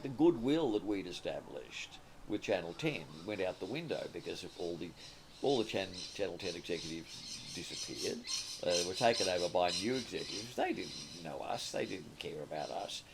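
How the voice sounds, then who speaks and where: A man's voice: deep voice, expressive, normal speed, creaky, noisy background. A man in his sixties with an Australian accent, a comedy writer and producer telling stories as an interview guest, rambling and restarting often. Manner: rambling anecdotal storytelling with frequent restarts. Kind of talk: conversational interview.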